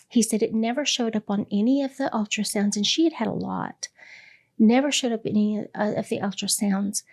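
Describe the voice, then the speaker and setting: A middle-aged woman, a hospice director, candidly telling a personal story in an interview, pausing often with fillers. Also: medium pitch, fairly even intonation, vocal fry, darkish tone. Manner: candid and reflective, with many pauses and fillers.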